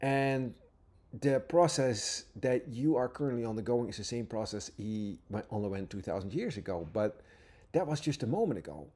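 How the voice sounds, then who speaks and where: A man giving an earnest, informal spiritual talk, reading passages aloud and pausing to reflect, often checking in with "right?". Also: mid-range voice, expressive, warm tone. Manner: earnest, repeatedly asks "right?". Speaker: spiritual teacher.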